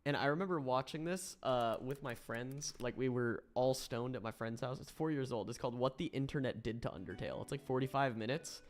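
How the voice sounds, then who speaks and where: A man's voice: medium pitch, a little fast, hardly any pauses. A young man from Florida, chatting casually on a stream, swearing a lot and laughing often. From Florida, USA.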